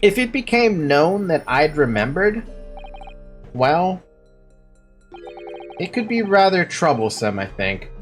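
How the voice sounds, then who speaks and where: Brief: woman reading a soft-spoken, formal middle-aged gentleman, low voice, lively inflection. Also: takes it slowly, pauses often, faint music behind. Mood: earnest. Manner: formal, apologetic. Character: polite, mild-mannered middle-aged English gentleman.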